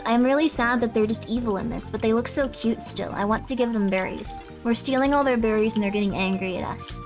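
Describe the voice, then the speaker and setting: A woman's voice: a little high, moderate pace, soft background music. A young woman streaming a game, bubbly and rambling, giggling and chatting with viewers. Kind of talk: casual let's-play chat.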